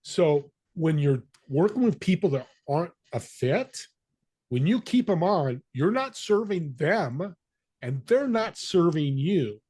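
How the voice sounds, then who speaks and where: A man's voice: on the high side, big pitch swings, slow pace, mellow, breathy edge. An older man, a podcast guest, telling stories energetically and acting out quoted voices in conversation. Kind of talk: conversational interview.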